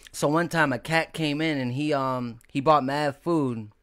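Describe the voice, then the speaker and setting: A man's voice: fairly high pitch, steady tone, unhurried, a bit bright. A man hosting a casual podcast, talking in slang, laughing often and slipping into impressions. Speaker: podcast host. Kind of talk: casual chat.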